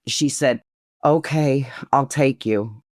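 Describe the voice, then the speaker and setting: A woman in her sixties slowly recounting a painful personal memory in an interview, often quoting what others said. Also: very deep voice, darkish tone, no echo, studio quality. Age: 60s. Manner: slow, grief-laden retelling, quoting others' words. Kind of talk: personal testimony.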